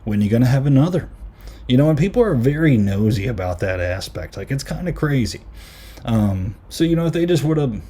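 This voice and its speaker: A man's voice: mid-range voice, sing-song, moderate pace, warm tone. A man hosting a podcast, giving a casual, rambling film review full of fillers and retold lines. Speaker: podcast host.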